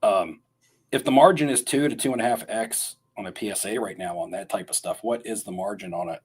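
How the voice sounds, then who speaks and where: Husky low-voiced skeptical man. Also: fairly quick. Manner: skeptical, questioning. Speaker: panelist. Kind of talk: casual livestream panel chat.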